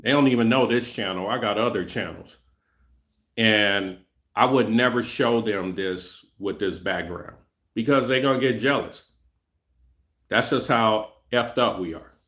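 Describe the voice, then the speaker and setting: Middle-aged male host, slow and easygoing, rambling casual talk aimed at his viewers. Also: mid-range voice, a bit bright. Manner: rambling, repeats himself, speaks to chat directly. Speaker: channel host.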